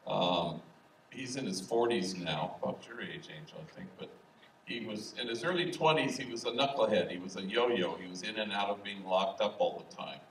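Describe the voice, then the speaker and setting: An older priest in his sixties tells stories with dry humor, at an unhurried pace. His fairly low voice echoes through a roomy hall, caught by a distant mic with a faint hiss underneath. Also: a bit bright. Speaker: priest and speaker. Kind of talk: public talk with storytelling. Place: university event hall.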